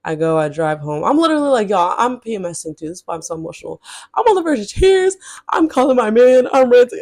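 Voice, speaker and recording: Animated woman telling a storytime rant. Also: fast, no echo, studio quality. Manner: animated, swings into high exasperated outbursts; chatty, talks straight to viewers as "y'all". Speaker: storytime vlogger. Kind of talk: casual storytelling to camera.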